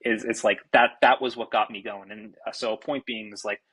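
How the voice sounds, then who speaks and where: A young man, a baseball pitcher and podcast guest, telling a story in an animated, casual way, swearing freely and restarting his sentences. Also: brisk, husky, low-quality recording. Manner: animated, self-described fiery, swears freely, many restarts.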